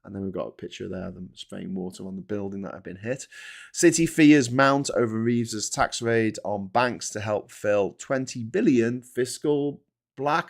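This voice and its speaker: A man's voice: on the low side, moderate pace, gravelly. A man from England hosting a casual live chat on his small YouTube channel, reading headlines and viewer comments aloud with rambling asides and frequent swearing. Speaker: YouTube host.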